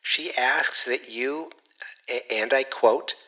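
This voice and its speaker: A man's voice: mid-range voice, takes it slowly, bright, forceful tone, poor audio. A man playing a male lawyer who leaves a stiff, formal comedic voicemail relaying a client's message. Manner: formal, stiff legal politeness. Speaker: voicemail caller.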